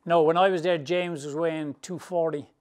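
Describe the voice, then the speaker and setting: A boxing trainer from England spins casual, rambling anecdotes with a slightly raised pitch. He talks loosely and colloquially and laughs easily through his stories. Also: steady tone, normal speed, darkish tone. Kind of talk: storytelling interview answers.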